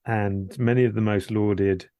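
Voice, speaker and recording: Brief: male interviewer, low pitch, dry recording, calm questions that trail off. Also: unhurried, no room sound. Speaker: podcast host.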